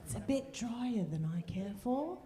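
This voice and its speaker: A woman's voice: medium pitch, fairly even intonation, a little fast, a crowd in the background, close to an everyday voice. Woman putting on a dry, passive-aggressive husband, clipped and polite, roomy club echo. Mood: prim.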